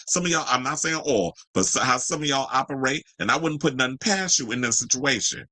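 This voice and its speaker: Expressive and fairly quick, the man speaks with a bright, forceful tone and barely pauses. As a celebrity gossip podcast host, he reads the news and then erupts into brash, profane, sassy rants full of high exclamations, all unscripted. The recording has no echo but sounds rough.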